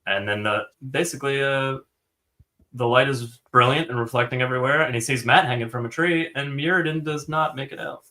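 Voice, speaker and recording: A man co-hosting a podcast, chatting excitedly about a fantasy book, swearing often and filling his talk with "like". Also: medium pitch, brisk. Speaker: podcast co-host. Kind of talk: casual book discussion.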